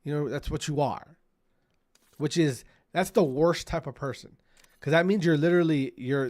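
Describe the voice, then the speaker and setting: Man, gaming streamer, profane ranting, slightly high voice, gunfire behind. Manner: profane, ranting, repeats himself. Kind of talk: casual gameplay commentary. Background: gunfire from the game.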